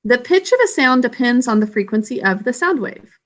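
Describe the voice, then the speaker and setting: A woman teacher giving a classroom science lesson, explaining slowly and patiently to children. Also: fairly high pitch, very animated.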